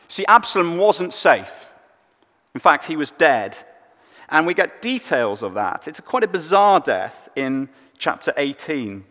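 A male preacher giving a sermon, telling the story expressively and dropping soft on the sad moments. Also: on the high side, lively intonation, a little slow. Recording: long hall reverb.

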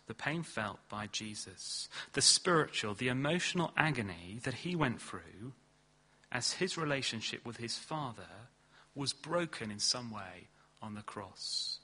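A man preaching a sermon in earnest, leaning hard on key words and then dropping low and slow. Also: bright, forceful tone, slightly rough. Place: church hall.

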